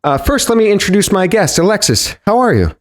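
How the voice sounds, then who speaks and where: A man hosting a podcast interview, talking in an energetic, animated way. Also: high voice, a little fast, a little hiss or hum. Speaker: podcast host.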